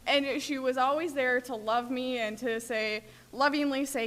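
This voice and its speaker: A woman's voice: high-pitched, fairly even intonation, moderate pace, hardly any pauses, a bit bright. A woman from Minnesota speaking at a recovery workshop, telling stories in a chatty way full of fillers. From Minnesota, USA. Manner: chatty storyteller, many fillers. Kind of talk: recovery talk, personal sharing.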